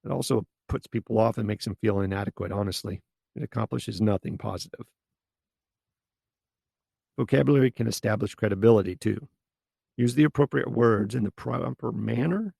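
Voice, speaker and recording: A man hosts a solo coaching podcast and speaks in a blunt, casual way. His voice is deeply gravelly and husky. The recording is dry and close. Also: normal speed, darkish tone, no room sound. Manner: blunt, casual, mild swearing. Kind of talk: solo podcast advice talk.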